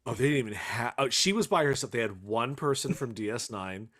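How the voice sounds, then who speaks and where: A man co-hosting a podcast in loose, casual chat. He rambles, restarts his sentences and swears offhandedly, in a voice of ordinary pitch for a man. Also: expressive, fairly quick, a bit bright. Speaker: podcast co-host.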